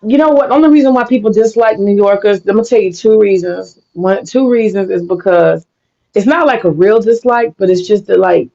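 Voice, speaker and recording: Guest: mid-pitched voice, animated storyteller who mimics voices, muffled lo-fi stream sound. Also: fairly quick, gravelly. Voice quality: animated, mimics voices when telling stories. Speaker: guest on live panel. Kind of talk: casual chat. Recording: dull lo-fi stream audio.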